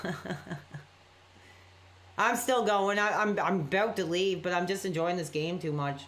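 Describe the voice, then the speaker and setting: A man's voice: high-pitched, normal speed, pauses often, a bit bright. Rambling apologetic man streaming late at night. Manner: rambling, apologetic, reacting to chat messages. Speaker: live streamer. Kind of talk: casual late-night live-stream chat.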